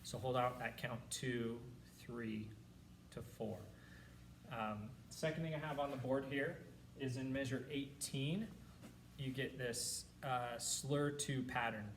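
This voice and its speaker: A man's voice: medium pitch, steady tone, measured pace, recorded from a distance, a little hiss or hum, poor audio. A man teaching a school band lesson, explaining rhythms and chanting counts and syllables aloud for his students. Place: classroom.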